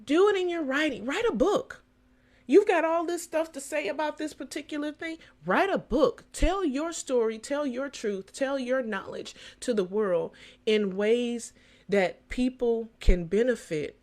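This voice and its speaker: A middle-aged woman hosting a solo podcast as a coach, talking casually and preaching with lively swings in her voice. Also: sits high, a little slow.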